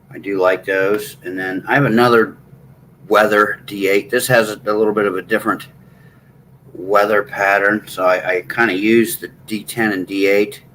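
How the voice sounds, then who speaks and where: A middle-aged man chatting casually with viewers from a hotel room, rambling and halting, often clearing his throat. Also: fairly low pitch, pushed and bright, slight background noise, poor audio. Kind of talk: casual chat.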